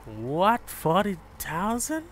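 A man giving relaxed live gameplay commentary, chatting with viewers and calling them bro. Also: high-pitched, takes it slowly, a little hiss or hum. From Jamaica. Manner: laid-back, chats with viewers, calls them bro. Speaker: gaming streamer.

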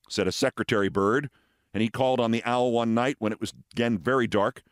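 A man in his sixties, a show host, reading fables aloud with expressive, theatrical storytelling. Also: mid-range voice, a little fast, dry recording, studio quality.

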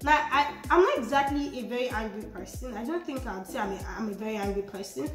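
A young woman, talking casually to her viewers about self-improvement, chatty and animated. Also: a little high, fast. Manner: chatty, animated, raises voice when emphatic. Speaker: vlogger. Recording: echoey room with music behind.

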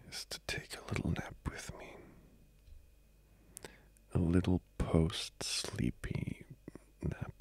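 Whispered role-play, a man voicing a clingy teasing boyfriend, deep gravelly breathy voice, close dry sound. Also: no room sound, heavily acted. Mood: clingy, cozy. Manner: soft intimate whispering with giggles. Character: needy playful young boyfriend, clingy and teasing. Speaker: ASMR role-play creator.

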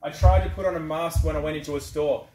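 A man's voice: on the high side, fairly even intonation, quick pace, warm tone. A man speaking as a guest to an assembly, answering questions from the floor in a plain-spoken way. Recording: echoey hall from far off, faint noise.

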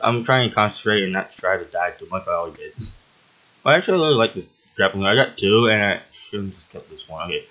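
A man hosting a gaming channel talks through his playthrough in a casual, rambling way, quick to yelp or laugh. His voice sits a bit on the low side for a man. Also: highs cut off. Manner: excitable and rambling, yelps and laughs often. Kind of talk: casual let's-play commentary.

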